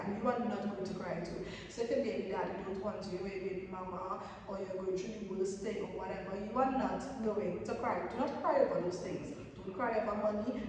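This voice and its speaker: A young woman giving casual motivational advice in an emphatic way, often repeating her points. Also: medium pitch. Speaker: vlogger giving new-year tips. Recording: echoey room, voice from far off.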